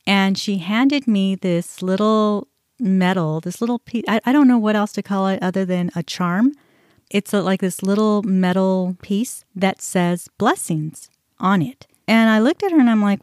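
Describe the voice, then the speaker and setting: A woman's voice: mid-range voice, normal speed, darkish tone, no echo, studio quality. Candid middle-aged woman telling her story. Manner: candid, conversational, many fillers. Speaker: podcast host. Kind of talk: personal storytelling.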